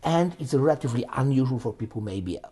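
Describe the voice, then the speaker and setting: A man's voice: mid-range voice, fast talker, breathy edge. A man, a neuroscientist guest, explaining ideas conversationally and telling anecdotes with many restarts and asides. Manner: animated, tells anecdotes with frequent restarts.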